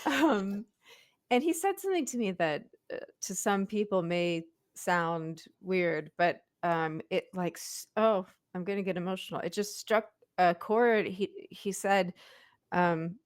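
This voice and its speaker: A woman host speaks slowly and thoughtfully on a podcast. She pauses often and restarts her sentences while she searches for words. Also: mid-range voice. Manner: reflective, halting, with many restarts. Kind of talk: casual interview conversation.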